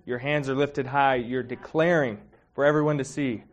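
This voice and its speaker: A man's voice: medium pitch, steady tone, normal speed, highs cut off. A man giving a casual, heartfelt sermon, talking conversationally with many fillers and getting emotional. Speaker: preacher.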